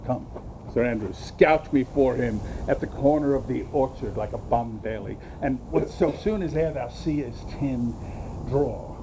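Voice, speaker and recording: A man's voice: mid-range voice, unhurried, background noise, natural voice. A man playing a jovial, scheming knight in an outdoor stage play, laughing as he plots. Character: jovial drunken knight Sir Toby. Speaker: community theatre actor.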